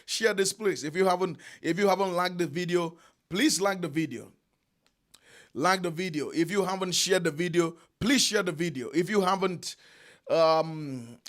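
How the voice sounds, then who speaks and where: A man preaching a sermon, emphatic, repeating phrases and drawing out key lines with long pauses. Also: high-pitched.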